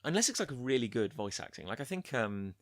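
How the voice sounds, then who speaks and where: A man's voice: mid-range voice, big pitch swings, fast, dry recording, clean studio sound. A man co-hosting a casual chat about an anime episode, searching for words and restarting his sentences. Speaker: podcast co-host.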